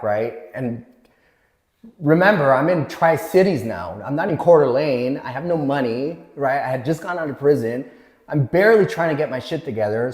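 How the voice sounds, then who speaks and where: A man's voice: medium pitch, a little mellow. A man candidly telling his own life story as a guest, blunt and swearing freely while he acts out what others said. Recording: echoey room with long reverb.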